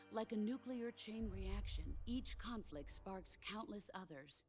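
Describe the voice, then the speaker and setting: An actress voicing a legendary middle-aged woman soldier in a video game cutscene, speaking in a calm, measured, solemn way. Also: mid-range voice, close to an everyday voice. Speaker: game character.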